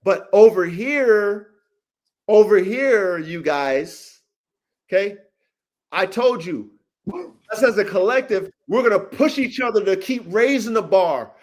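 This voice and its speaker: A man with a noticeably high speaking voice holds forth on a livestream podcast. He is brash and profane, boasting about his experience and hammering each point home while calling on listeners by name. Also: animated, measured pace. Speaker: podcast host and dog breeder. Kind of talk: casual livestream podcast rant.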